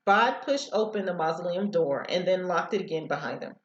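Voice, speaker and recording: A woman's voice: fairly low pitch, expressive, fairly quick, reverberant, lo-fi sound. A woman teacher reading a novel aloud to students over a headset, sometimes stumbling over words.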